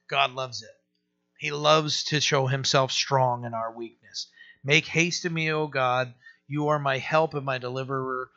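A man's voice: a little high, sharp tone, dull audio. A male pastor teaching a sermon in a conversational way, full of rhetorical asides and restarts.

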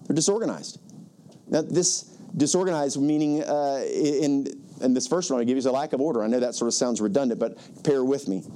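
A man's voice: mid-range voice, fairly quick, mellow. A pastor in his fifties preaching a sermon, emphatic and repetitive, often asking "guess what?" and quoting scripture. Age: 50s.

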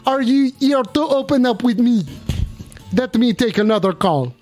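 A man doing a high, overwrought French call-in host. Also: lively intonation, normal speed, a little mellow, faint music behind. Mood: dramatic. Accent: put-on French. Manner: theatrical, overwrought and needy, pleading. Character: flamboyant French man hosting a late-night call-in show.

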